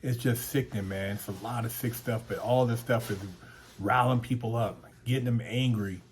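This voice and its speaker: A man who hosts a motivational channel, ranting in a casual monologue, blunt and profane, repeating words as he gets worked up. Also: a little hiss or hum. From United States. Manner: blunt, swears freely, repeats words when heated; voice climbs in pitch and loudness when worked up.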